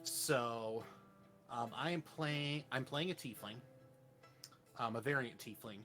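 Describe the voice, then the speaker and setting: A man chatting casually on a podcast, hesitant and halting as he talks about his game character. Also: mid-range voice, sharp tone, soft background music. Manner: hesitant, full of restarts and laughs. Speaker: podcast co-host and player. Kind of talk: casual chat.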